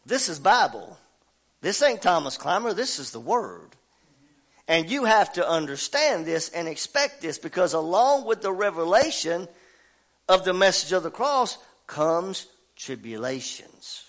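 High, bright-voiced fervent male preacher. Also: very animated, measured pace. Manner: fervent preaching, swinging from shouts to low asides; call-and-response with the congregation. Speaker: pastor. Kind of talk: sermon. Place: church service.

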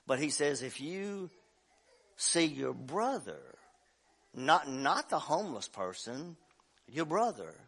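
Man, pastor type, folksy storyteller who builds to shouting, slightly higher pitch. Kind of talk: sermon. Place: church sanctuary.

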